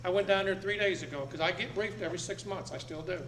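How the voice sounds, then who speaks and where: Addressing listeners in a meeting room, this middle-aged man talks quickly with a high, fairly bright voice. His delivery is blunt and forceful, driving ideas in through repetition. Echo and faint background noise mark the recording.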